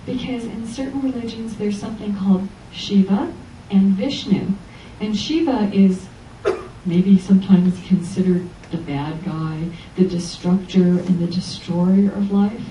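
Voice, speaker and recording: Delivering an inspirational Sunday lecture in a church hall, a spiritual teacher from Los Angeles talks a little slowly in a mid-range voice. She tells animated stories and imitates the people in them, recorded from far away in the echoey room with slight background noise.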